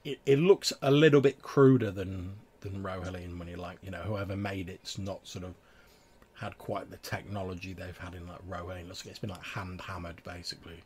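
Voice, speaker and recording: A man's voice: sits low, fairly even intonation, brisk, crowd noise. A man narrating a tabletop game as game master, rambling through descriptions full of fillers.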